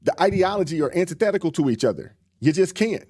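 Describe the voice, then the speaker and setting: Reaction host guy, bit high voice, dry room, preachy and emphatic. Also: lively intonation, fast talker, warm tone, dry recording. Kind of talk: commentary on a played clip.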